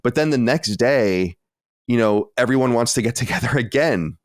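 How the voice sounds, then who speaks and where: A man in his late thirties, a podcast co-host, telling an animated story with exasperated asides in casual chat. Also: mid-range voice, normal speed, no echo, studio quality. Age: 30s.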